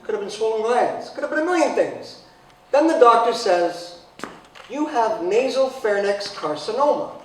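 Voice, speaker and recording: Casting: high-pitched funny man, forties, sarcastic storyteller on stage, distant mic. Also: lively intonation, moderate pace. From Italian heritage. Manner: sarcastic, comic, bursts into loud high exclamations. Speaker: event speaker. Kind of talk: live storytelling talk. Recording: echoey hall from far off, faint noise.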